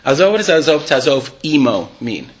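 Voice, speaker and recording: A man's voice: medium pitch, sing-song, a little fast, highs cut off. A man teaching a live Torah class. He reads Hebrew and Aramaic passages aloud, explains them conversationally and asks his students questions.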